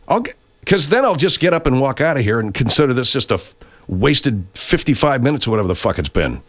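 Quick and very animated, a medium-pitched male actor voices a stuffed-up voice-over performer in a comic radio sketch. The defensive middle-aged character argues, swears, restarts with stammers and keeps protesting that he's not laughing.

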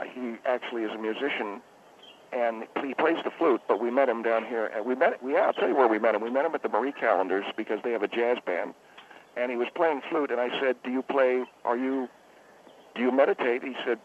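Heard through a tinny phone line with slight background noise, a medium-pitched man plays a spa owner calling a comedic radio show. He wanders through his story, stammering and fixing his own words.

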